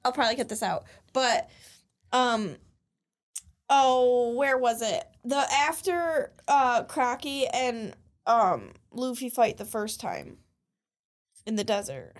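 Young woman co-host, high and very bouncy voice, hesitant with lots of ums, giggly; casual chat. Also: lively intonation, takes it slowly. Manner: hesitant, filler-heavy, giggly. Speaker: podcast co-host and editor.

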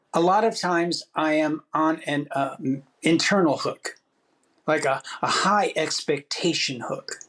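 Reflective man with a higher voice. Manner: reflective, acts out his own inner voice. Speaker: podcast co-host. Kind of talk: casual chat.

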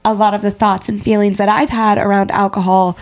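A woman's voice: mid-range voice, little pitch movement, fairly quick. A woman in her twenties co-hosting a podcast in candid, casual chat, full of fillers and sounding congested. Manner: open and candid, many "like" fillers. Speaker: podcast co-host.

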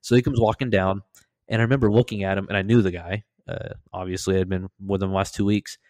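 A man casually telling a story on a podcast, laughing, swearing and acting out loud shouted quotes. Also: fast, dry recording. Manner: animated, acts out quoted voices with loud high shouts.

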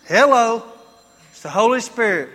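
Preaching a sermon in a church hall with long reverb, a pastor speaks in a very high, animated voice that is pushed, bright, and slightly rough. At a moderate pace, he tells folksy stories and builds up to emphatic points.

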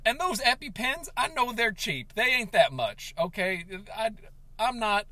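A man ranting in a comedic confessional vlog, overwrought and tearful, breaking into sobs and shouts. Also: extremely high pitch, lively intonation, unhurried, no echo. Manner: overwrought, sobbing and shouting in bursts. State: tearful, on the verge of crying. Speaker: comedic vlogger.

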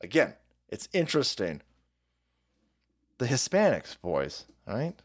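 A man's voice: medium pitch, wildly swooping pitch, takes it slowly. A man hosting a political livestream, ranting in a profane, combative and sarcastic way. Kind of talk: ranting commentary.

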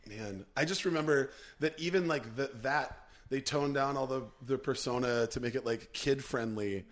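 A man's voice: medium pitch, normal speed. Chatty man rambling in a podcast. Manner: animated, rambling storyteller with many "like"s. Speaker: podcast co-host. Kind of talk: casual chat.

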